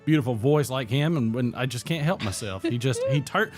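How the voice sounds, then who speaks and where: A man's voice: medium pitch, brisk, soft background music. Playful man hosting a comic livestream. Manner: playful, deadpan tall tales. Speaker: host.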